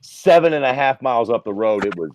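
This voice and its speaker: A man's voice: medium pitch, animated, fairly quick, a little mellow, dry recording. A man in his thirties from Ohio, co-hosting a podcast in casual, profane chat, telling stories and acting out quotes. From Ohio, USA. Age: 30s. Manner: profane, storytelling, acts out quotes. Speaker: podcast co-host.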